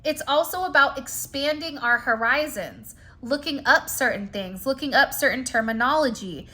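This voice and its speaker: Here a spiritual card reader speaks to her audience directly, her voice high, bright and expressive at a moderate pace. Chatty and emphatic, she peppers her talk with "like" and "you know," keeping things conversational and encouraging throughout.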